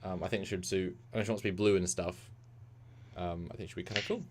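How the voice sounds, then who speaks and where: A man's voice: low-pitched, steady tone, fast, background noise. A man, co-hosting a casual livestream chat and telling stories at length. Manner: chatty storyteller, mimics voices. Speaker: co-host.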